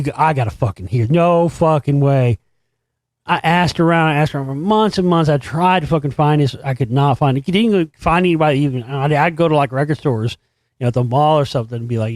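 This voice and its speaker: A middle-aged man talks casually and with lots of swearing, his voice a little higher than most men's. He tells his stories in an animated, amused way. The sound is dry and close, with no room in it. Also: dry recording. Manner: profane, animated, laughs while recounting. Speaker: podcast host. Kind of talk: casual storytelling monologue.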